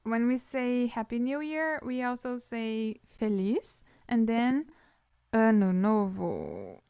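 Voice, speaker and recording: A woman co-hosting a casual podcast, teaching phrases, animated and laughing at her own slips. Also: a little high, takes it slowly, clear, resonant tone, dry recording, studio quality. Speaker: podcast co-host teaching Portuguese words.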